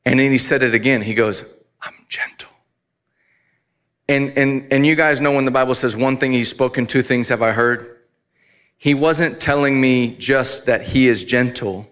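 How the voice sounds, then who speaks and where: A man's voice: medium pitch, moderate pace, a bit bright. A man who is a father of young boys, preaching a casual, conversational sermon full of asides and self-deprecating laughs. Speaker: pastor.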